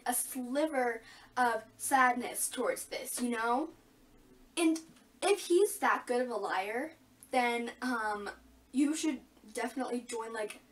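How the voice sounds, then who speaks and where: A teenage girl chatting excitably about a book she loved, full of filler words and gushing reactions. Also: on the high side, far from the mic. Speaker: vlogger. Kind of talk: casual book review chat.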